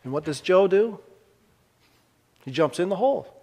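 A male pastor delivering a sermon in a fairly high voice, leaning hard on some phrases and dropping to near hush on others. Long reverb from a large hall hangs after his words, as if in a church sanctuary. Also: animated, slight background noise. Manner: dramatic pauses, swings from emphatic to hushed.

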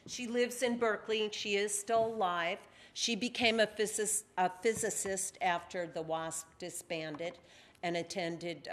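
Slow-speaking woman author giving a talk. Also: lowish voice, bright, forceful tone, a little hiss or hum. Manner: slow, measured, reading aloud. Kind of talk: lecture with read-aloud passages. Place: museum library talk.

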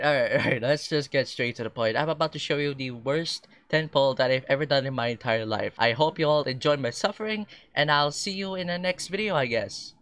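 A young man hosting a gaming vlog, melodramatic, going from nervous pleading to loud, frustrated ranting. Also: on the high side, animated, a little fast, hardly any pauses. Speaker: gaming video creator.

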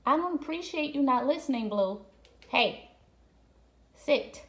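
A woman's voice: high-pitched, expressive, unhurried, a bit bright. A woman talking to her dog on camera at home, scolding and coaxing it in a sing-song pet-talk voice. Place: at home by a window.

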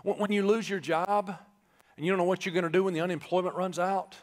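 High-voiced pastor in a reverberant church. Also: male voice, fairly even intonation, fast. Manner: conversational, joking, building to shouted emphasis. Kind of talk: sermon. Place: church sanctuary, live service. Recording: live church with long reverb.

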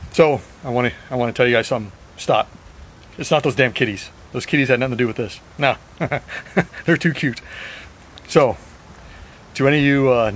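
A man at an ordinary mid pitch talks in a loose, rambling video-diary way, frank and now and then cursing. His voice is a little raspy and short of breath. A faint hiss sits under the recording. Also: rough recording. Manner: rambling, frank, swears at times. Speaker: vlogger.

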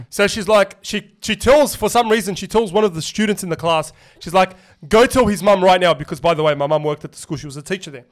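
A man's voice: high-pitched, fast talker. A young adult man co-hosting a podcast, telling stories animatedly and swearing a lot. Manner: animated storytelling, heavy swearing. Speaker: podcast co-host. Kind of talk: casual chat.

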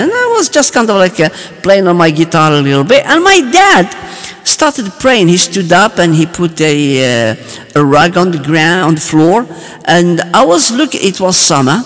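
Male storyteller, high and swooping, halting animated testimony delivery, long reverb on the track. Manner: animated, chuckling, halting restarts.

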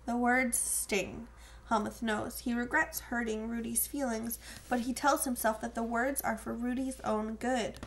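A woman narrating an audiobook in a steady, measured way. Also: a little high.

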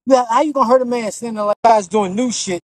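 Blunt high-voiced streetwise man coaching boxing. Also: fast talker, no room sound, rough recording. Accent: New York. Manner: streetwise, blunt and profane, demonstrating moves as he talks. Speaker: boxing instructor. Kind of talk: casual boxing tips to camera.

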